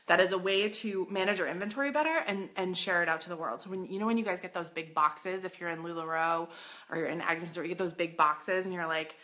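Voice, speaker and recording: A woman coaching boutique owners in a casual live stream, bubbly and excitable, chatty and full of "like.". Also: fairly low pitch, fast talker. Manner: chatty, says "like" often.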